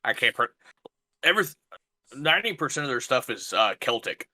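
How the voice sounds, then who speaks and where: A married man co-hosting a casual podcast, speaking bluntly and deadpan, often trailing off mid-sentence. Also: mid-range voice, fairly quick. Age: adult, married. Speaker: podcast co-host.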